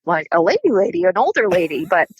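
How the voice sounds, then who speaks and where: A woman's voice: fairly low pitch, quick pace, husky, no echo, rough recording. A woman in her thirties telling a dramatic personal story in casual conversation, acting out the voices of the people in it. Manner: animated, acts out quoted dialogue. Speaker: podcast guest.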